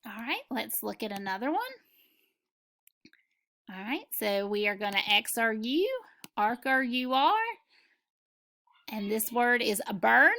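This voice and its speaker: Woman phonics teacher, patient and deliberate, slightly gravelly, unhurried delivery. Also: fairly high pitch, expressive, pushed and bright. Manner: patient, spells out sounds and models words. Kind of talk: slow, clear classroom instruction.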